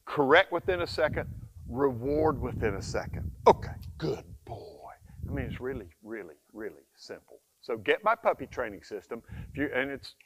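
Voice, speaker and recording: A man in his sixties, a dog trainer, explaining hush training in a folksy, repetitive way and giving his dog firm commands. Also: medium pitch, lively intonation, a little fast. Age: 60s. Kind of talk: casual instructional vlog.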